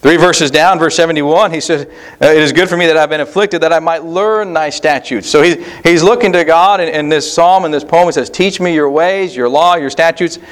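Male pastor, earnest sermon delivery, repetitive cadence, slightly raised pitch. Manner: earnest preaching with repetition and pauses.

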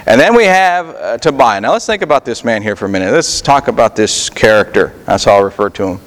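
A male pastor preaching a sermon in a conversational style, often pausing on fillers and restarting his sentences. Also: medium pitch, lively intonation, fairly bright tone, long reverb tail. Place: church sanctuary.

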